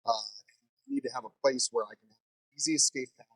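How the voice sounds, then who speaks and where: A man who teaches fire training, telling stories in a casual interview in a lively way. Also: mid-range voice, brisk, breathy edge, no room sound, low-quality recording. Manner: animated storyteller.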